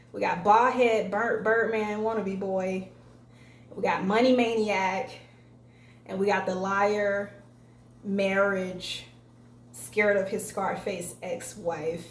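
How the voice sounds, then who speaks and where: A woman's voice: medium pitch, slight background noise. A young woman telling a story on her vlog, casual and profane, acting out quotes along the way. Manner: profane, animated retelling with acted-out quotes. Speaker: vlogger. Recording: echoey room, faint ambience.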